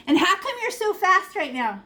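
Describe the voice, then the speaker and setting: A woman teaching an online art class to children from her room at home, talking in an animated, encouraging way over a video call. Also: very high-pitched, normal speed, crowd noise. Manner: animated, encouraging, talks to kids.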